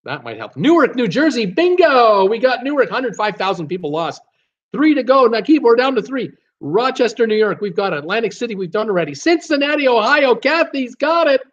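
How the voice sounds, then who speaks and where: A man's voice: very high voice, big pitch swings, brisk. A man hosting a casual live trivia stream, upbeat as he reads out viewer guesses and gives hints. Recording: dull lo-fi stream audio.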